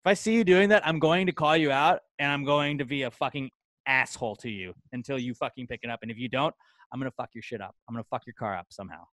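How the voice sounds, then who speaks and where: A young man co-hosting a podcast, ranting loudly and angrily with lots of swearing. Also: mid-range voice, fast, no room sound. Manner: profane, loud, angry ranting. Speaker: podcast co-host. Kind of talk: heated rant on a podcast.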